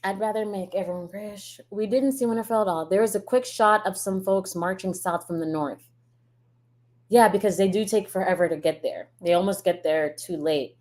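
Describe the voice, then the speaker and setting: A woman's voice: mid-range voice, darkish tone. Blunt, profane woman ranting casually. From United States. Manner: blunt, profane, quick to laugh. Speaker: reaction streamer. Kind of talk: casual ranting reaction chat.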